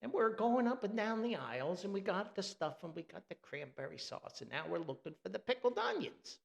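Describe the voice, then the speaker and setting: A man from New Jersey telling a funny story on a podcast, animated and chuckling, with rambling asides. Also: sits high, brisk, gravelly. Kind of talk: humorous storytelling.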